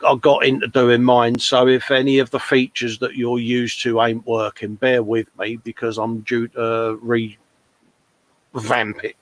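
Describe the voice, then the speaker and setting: A man's voice: medium pitch, level tone, a little slow. A man hosting a casual livestream, reading out viewers' comments with chatty, matey banter. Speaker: livestream host.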